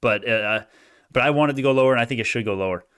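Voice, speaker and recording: Fast-talking excitable male stock streamer. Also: mid-range voice, clean tone. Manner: excitable, swings between mumbling asides and loud cheering; argues back at chat comments, laughs often. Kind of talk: live stock commentary, chatting with viewers.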